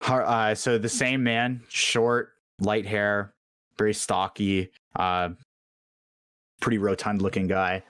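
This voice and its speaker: Man, game master, casual narration, slow, low voice. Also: little pitch movement, a bit bright, clean tone, dry recording, studio quality.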